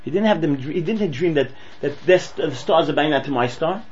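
A man giving an excitable Torah lesson, often repeating and restarting words, on a dull lo-fi recording with hum. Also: on the high side, brisk. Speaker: Torah teacher.

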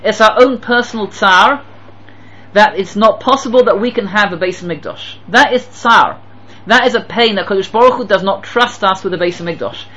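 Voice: mid-range voice, normal speed, sharp tone, lo-fi sound. A Torah teacher giving an impassioned sermon, telling stories and pressing rhetorical questions with emphatic repetition. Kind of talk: sermon with storytelling.

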